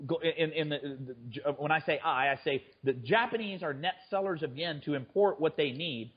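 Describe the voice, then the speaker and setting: A man's voice: a little high, moderate pace, slightly rough, dull audio. A man speaking as a trader guest in a conversational interview, often restarting his sentences. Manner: frequent stammered restarts. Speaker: guest, fund manager and trader.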